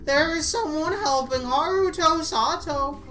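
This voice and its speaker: A woman doing a forceful male police enforcer. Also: soft background music. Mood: emphatic. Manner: slow, loud and emphatic, raised pitch.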